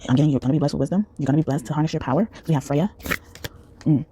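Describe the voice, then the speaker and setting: A man's voice: on the high side, rapid-fire, mellow, a little hiss or hum. A man giving a casual, rambling tarot reading, full of fillers and restarts. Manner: rambling, many fillers and restarts, frequent laughs. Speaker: tarot reader.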